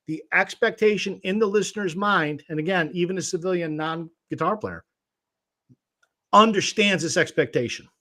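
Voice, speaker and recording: A man's voice: sits high, fairly bright tone. A man teaching guitar rhythm on a livestream, patiently explaining and counting beats aloud. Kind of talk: livestream music lesson.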